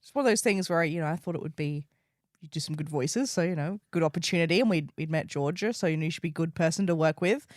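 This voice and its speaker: A woman co-hosting a podcast in casual chat, measured and thoughtful. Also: deep voice, no room sound, studio quality. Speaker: podcast co-host.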